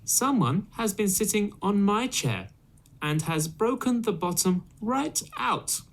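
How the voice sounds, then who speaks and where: A man doing a shrill little baby bear. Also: very animated, slow pace, full character voice. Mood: upset. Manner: shrill and high. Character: tiny squeaky boy bear cub.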